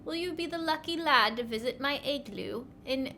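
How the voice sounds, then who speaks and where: A woman's voice: animated, a bit bright, faint music behind. A woman reading cereal-box text aloud as a peppy, over-the-top announcer with a put-on accent. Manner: slow, sing-song, over-the-top sales pitch.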